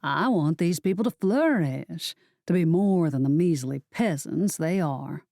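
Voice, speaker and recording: A woman narrator voicing a smug, scheming male sorcerer villain for an audiobook, speaking low, slow and mocking. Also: lively intonation, gravelly, warm tone, no room sound, clean studio sound, heavily acted.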